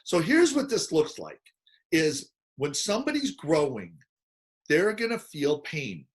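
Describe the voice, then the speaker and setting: A man hosting a casual conversation, telling lively stories and acting out the people in them. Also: a little high, a little slow. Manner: animated storyteller, acts out quoted voices. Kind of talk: casual chat.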